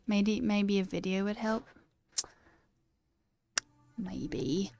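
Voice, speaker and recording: A woman's voice: mid-range voice, steady tone, very slow, vocal fry, long pauses, dark tone, faint music behind. An American woman hosting a casual coding livestream, thinking aloud and hesitating and joking at her own expense. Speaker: livestream host.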